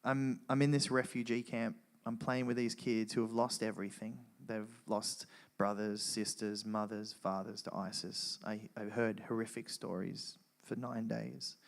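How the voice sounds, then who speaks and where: A man giving a personal faith testimony to a live church audience, telling his story earnestly and acting out his own dialogue. He drops quiet in the grave parts and gets loud and excited in the lively ones. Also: fairly low pitch, moderate pace. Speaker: guest speaker at a church event.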